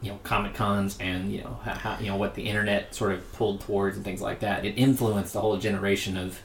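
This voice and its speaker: A man's voice: fairly low pitch, level tone, quick pace, a little hiss or hum. A man co-hosting a casual group chat podcast, rambling and correcting himself as he tells stories. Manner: rambling, self-correcting storyteller. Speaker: podcast co-host. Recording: echoey room with faint ambience.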